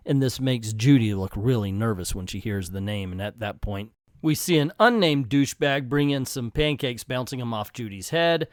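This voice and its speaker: A man's voice: medium pitch, animated, moderate pace, dry recording, studio quality. A man reviewing comic books in casual commentary with sarcastic asides.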